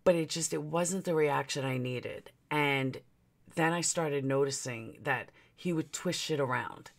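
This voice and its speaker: A woman's voice: low-pitched, unhurried, creaky. Woman, vlogger, personal storytime, candid, swears freely, emotional swings.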